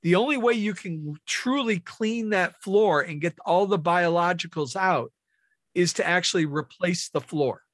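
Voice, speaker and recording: Man, high voice, slow delivery, team training talk, questions to the room. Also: fairly bright tone, dry recording, studio quality. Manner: explains step by step, asks questions of the room.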